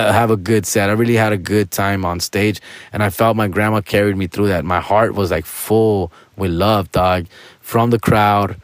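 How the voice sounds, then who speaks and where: A male comedian tells a personal story to his listeners in a relaxed, candid way, peppering it with street slang. His voice sits a little low. The sound is dry and close, with no room echo. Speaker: stand-up comedian, podcast host.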